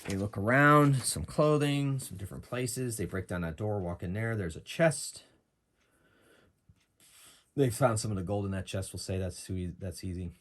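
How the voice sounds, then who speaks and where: A man's voice: lowish voice, normal speed, fairly bright tone. A man running and narrating his own solo tabletop game, chatting and thinking aloud about rules and dice rolls.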